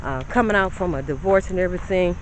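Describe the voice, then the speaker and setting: A woman's voice: fairly low pitch, fast, slight background noise, poor audio. A woman in her fifties, vlogging from her car on a phone, chatty and lecturing, calling her viewers honey. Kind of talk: casual vlog talk. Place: in a car, parking. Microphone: phone camera.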